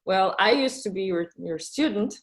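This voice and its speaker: A woman's voice: mid-range voice, expressive. Russian-accented woman hosting, hesitant. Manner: hesitant, with frequent fillers and quick laughs. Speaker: host. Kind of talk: casual interview chat.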